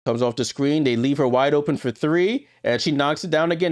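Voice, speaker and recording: A man's voice: a little high, fairly quick, hardly any pauses, no echo, clean studio sound. Chatty man calling a game live. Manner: chatty, talks straight to viewers, gets louder on big plays. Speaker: livestream watchalong host. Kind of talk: casual live game commentary.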